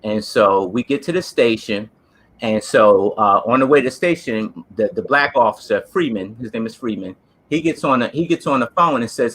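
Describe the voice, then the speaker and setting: A man tells a story in a casual, earnest, emphatic way. His voice is bright and forceful at a middle pitch. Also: lively intonation, normal speed. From New Jersey. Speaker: co-host, former police officer.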